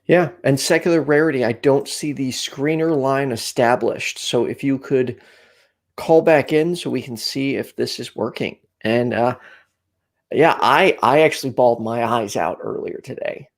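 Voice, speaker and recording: A man's voice: mid-range voice, moderate pace. A man hosting a casual call-in chat show from home, rambling and a bit anxious, with lots of fillers. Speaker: host. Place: home room, packing up for a move.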